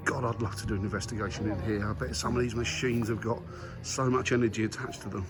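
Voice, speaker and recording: A man's voice: fairly low pitch, steady tone, quick pace, music in the background. A man chatting enthusiastically to viewers as he walks around a museum, filmed on a handheld camera. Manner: enthusiastic, chatty, talks to viewers while walking. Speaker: vlogger. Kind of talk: casual vlog commentary. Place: museum grounds and aircraft halls. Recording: noisy background ambience.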